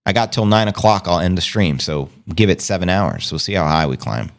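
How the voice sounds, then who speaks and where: A man's voice: low voice, lively intonation, brisk, gravelly. A man hosting a casual livestream, reading viewer comments aloud in a laid-back, slangy way. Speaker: livestream host.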